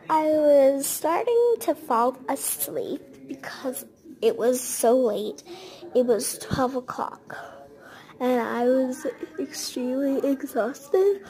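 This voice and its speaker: A woman with a high voice rambles through a casual storytime, padding her sentences with "like" and quick asides. Her delivery is chatty and unpolished, the way someone talks when recounting a long night. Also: darkish tone. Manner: chatty, rambling, many "like" fillers.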